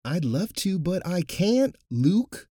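A man voicing a frustrated high priest who shouts. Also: very animated, takes it slowly, no echo, clean studio sound, heavily acted.

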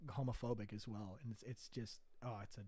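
A man's voice: fairly low pitch, flat delivery, a little fast, warm tone, no room sound. Rambling young man, dry close sound. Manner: rambling, full of "like" and restarts. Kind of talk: casual podcast chat.

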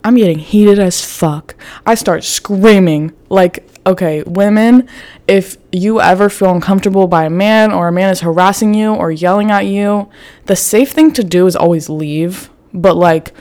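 A young woman talks straight to her viewers in a loose storytelling vlog. She is animated and swears freely, laughing between lines, and her pitch sits in the middle for a woman. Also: normal speed. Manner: animated, profane, laughs often. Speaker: vlogger. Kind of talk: casual storytelling.

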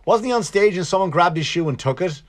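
A man's voice: sits high, animated, fast talker. A man who works as a stand-up comedian, telling a story in a casual, rambling way with lots of cursing, asides and self-corrections.

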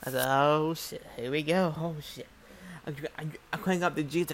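A man with a fairly high voice and a drawl spins a chaotic story in casual, profane speech. He rambles, restarts often and acts out each exchange of dialogue himself. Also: steady tone, normal speed, a bit bright.

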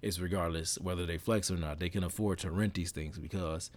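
A man with a low voice hosts his own podcast, delivering a casual, rambling motivational monologue that's repetitive, preachy, and full of restarts and self-corrections. He speaks briskly with fairly even intonation.

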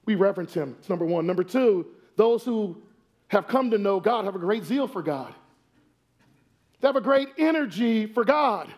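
A male pastor preaching a sermon in a church, animated, asking many rhetorical questions and stumbling into restarts. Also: high-pitched, normal speed. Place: church sanctuary. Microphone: wears a microphone.

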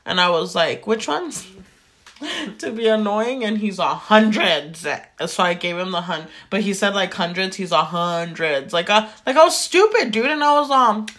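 A young woman co-hosting a podcast, chatting casually, swearing and dropping to low asides. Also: animated, fairly quick, few pauses, a bit bright. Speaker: podcast co-host; store clerk. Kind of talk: casual chat.

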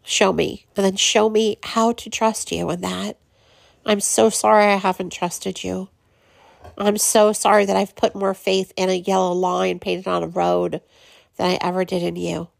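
A middle-aged woman hosting a devotional podcast, speaking in an earnest, encouraging way with frequent pauses. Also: medium pitch, flat delivery, creaky, no echo, clean studio sound. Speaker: podcast host.

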